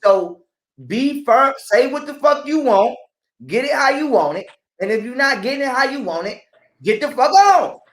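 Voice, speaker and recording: A man's voice: extremely high pitch, lively intonation, normal speed, a bit bright, roomy sound. A man giving blunt, profane relationship advice in a casual live-stream talk, preaching at his listeners. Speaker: podcast guest.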